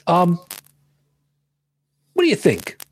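A man co-hosting a casual talk show podcast rambles, jokes and corrects himself as he goes. His voice is high and husky with huge pitch swings, and he speaks slowly.

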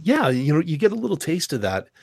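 A man's voice: on the high side, huge pitch swings, quick pace, vocal fry, no echo. A man hosting a casual podcast discussion, talking in long, rambling stretches with emphatic points and sarcastic asides. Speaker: podcast host.

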